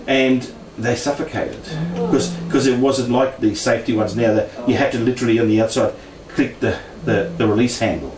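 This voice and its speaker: A man's voice: mid-range voice, moderate pace, few pauses. A middle-aged man telling a personal story in a casual way, laughing often and acting out the voices he quotes. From Australia. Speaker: speaker sharing paranormal experiences. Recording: echoey room, distant mic, faint noise.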